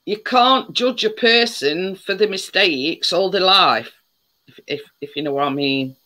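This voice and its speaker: High, bright, stammering man. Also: a little slow. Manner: earnest, stammering restarts. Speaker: group member. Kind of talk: casual chat.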